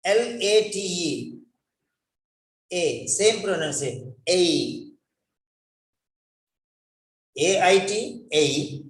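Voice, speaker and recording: A man's voice: sits high, expressive, slow pace, far from the mic. A man teaching English pronunciation, spelling out words letter by letter and repeating them carefully. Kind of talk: spoken English lesson. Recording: echoey room, voice from off-mic.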